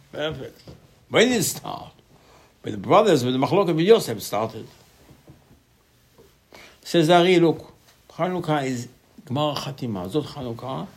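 A man giving a Torah class sermon, animated, asking and answering his own questions, with sudden loud emphasis on key lines. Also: mid-range voice. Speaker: Torah teacher.

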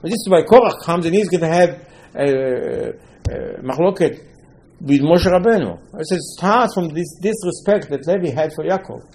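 A man's voice: fairly high pitch, animated, normal speed, darkish tone, slight background noise, rough recording. A man teaching a Torah lesson as a sermon, telling the stories with animation and acting out the dialogue in loose, non-native English full of Hebrew terms. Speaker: religious teacher.

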